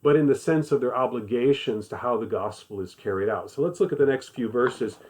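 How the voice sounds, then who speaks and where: A man's voice: medium pitch, fairly quick, darkish tone. A man teaching a Bible study in a conversational voice, stressing points by repeating them. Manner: conversational, emphatic repetition. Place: living in the American South.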